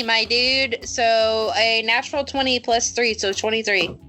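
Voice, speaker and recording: A woman's voice: a little high, steady tone, unhurried, pushed and bright, faint music behind. A woman playing a tabletop role-play game, upbeat and playful about her dice rolls. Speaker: player.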